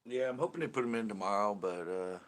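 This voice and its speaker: This Californian man hosts a fishing channel, speaking fast in a lowish, expressive voice. On his casual live stream he jokes, rambles, and laughs a lot while chatting with viewers.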